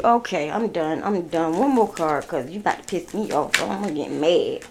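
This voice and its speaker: A woman's voice: on the low side, expressive, normal speed, few pauses, darkish tone, a little hiss or hum. A woman giving a casual tarot reading, talking bluntly and with exasperation, swearing as she addresses the viewer directly. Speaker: tarot card reader.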